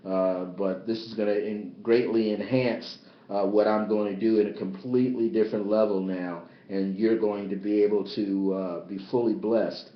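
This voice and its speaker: A man, a bishop and spiritual teacher, giving a livestreamed spiritual teaching into a tablet, emphatic and repetitive, swinging between loud high exclamations and low, subdued asides. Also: steady tone, normal speed, few pauses. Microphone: tablet device. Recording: roomy, dull lo-fi tablet livestream.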